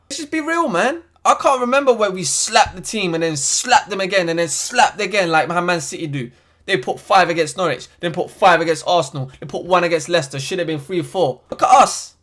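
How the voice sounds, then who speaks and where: A man's voice: high-pitched, fairly bright tone. A young man ranting in a vlog, heated and exasperated, full of slang. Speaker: football fan vlogger. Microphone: desk USB microphone.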